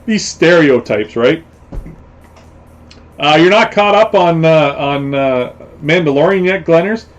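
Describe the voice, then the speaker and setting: A man hosting a livestream show, chatting casually and rambling between jokes with a quick laugh. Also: a little high, expressive. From Canada. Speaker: show host. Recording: slightly dull lo-fi stream audio.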